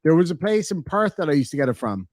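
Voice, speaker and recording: A man's voice: on the high side, big pitch swings, fast, a little mellow, dry recording, clean studio sound. An Irish man hosting a reaction video, talking casually, bluntly and mockingly, and swearing freely. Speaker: host reacting to clips.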